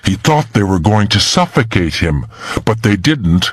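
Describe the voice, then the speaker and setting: A man's voice: sing-song, unhurried, slightly rough, no room sound. A man narrating a thriller audiobook in a dramatic, tense manner. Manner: dramatic and tense, pitch climbing in the frightening moments.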